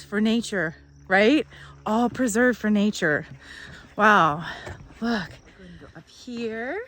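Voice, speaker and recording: A woman hosting a casual vlog outdoors in a marshy refuge, talking into a handheld camera with giggly, gushing excitement. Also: medium pitch, normal speed, slight background noise. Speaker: vlog host. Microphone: handheld camera at arm's length.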